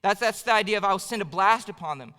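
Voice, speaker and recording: Young man, sermon, chatty self-mocking storyteller, high voice, long church reverb. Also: animated, quick pace, bright, forceful tone, smooth. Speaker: preacher. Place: church sanctuary.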